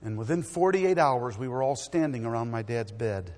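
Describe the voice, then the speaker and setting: A middle-aged man preaching a sermon in a church, swinging from loud exhortation to quiet storytelling. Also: mid-range voice, expressive, moderate pace, long reverb tail.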